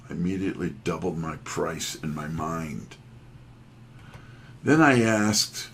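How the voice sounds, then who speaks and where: Middle-aged American sales trainer, deep husky voice, folksy storyteller. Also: male voice, sing-song, measured pace, long pauses. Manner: folksy, self-deprecating anecdotes. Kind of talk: storytelling talk.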